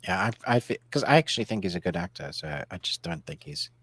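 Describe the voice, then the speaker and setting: A man's voice: deep voice, sing-song, fast talker, a bit bright, no room sound. A man co-hosting a live movie podcast, mostly chiming in with short agreeable replies. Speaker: podcast co-host. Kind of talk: casual live-stream chat.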